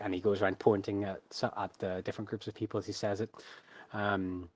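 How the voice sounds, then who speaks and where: A game master runs a tabletop game, loosely narrating the scene in a hesitant way full of ums and restarts. His voice is fairly low and darkish, with fairly even intonation and a moderate pace, in a dry recording.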